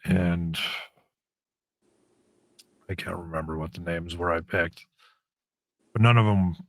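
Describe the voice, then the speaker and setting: A man with a raspy voice, a guest telling stories casually in an interview and acting out the lines of people in them. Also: low voice, slow, no echo. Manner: animated storyteller, acts out quoted lines.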